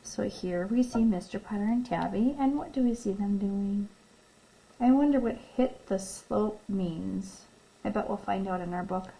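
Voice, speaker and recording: A woman teacher reading a picture book aloud in a recorded lesson. She reads expressively, stops to ask questions and tells the children when to pause. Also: medium pitch, gravelly, dark tone, a little hiss or hum, low-quality recording. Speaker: elementary school teacher.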